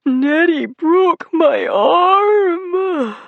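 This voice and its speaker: A narrator voicing a frightened middle-aged male ward patient who squeals and cries in a high voice. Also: measured pace, breathy edge, no room sound, phone-quality sound. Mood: terrified crying.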